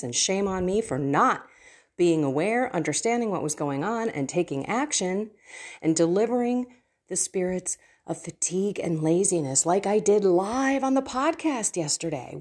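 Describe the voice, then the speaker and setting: Animated and a little mellow, a middle-aged woman's mid-range voice moves at normal speed as she hosts her devotional podcast. A faith coach, she shares her prayer life in a casual, earnest, personal way and urges listeners on.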